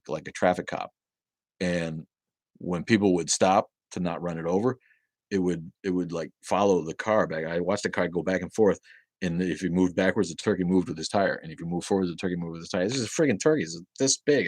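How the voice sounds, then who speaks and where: Deep-voiced, profane middle-aged man. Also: no echo. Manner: rambling, profane, chatty. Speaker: livestream host reading viewer chat. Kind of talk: casual livestream chat.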